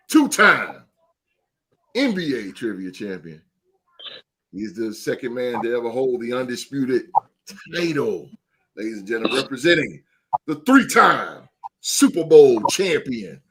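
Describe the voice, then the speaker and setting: A man hosting a sports podcast, reading sponsor plugs and giving booming announcer-style introductions to his co-hosts. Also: sing-song, unhurried, pauses often, fairly bright tone, breathy edge. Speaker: podcast host.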